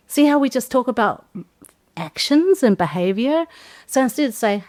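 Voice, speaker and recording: A woman's voice: high-pitched, normal speed. A woman, a Christian life coach, giving a teaching talk and acting out example phrases as she goes. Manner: acts out example phrases, animated.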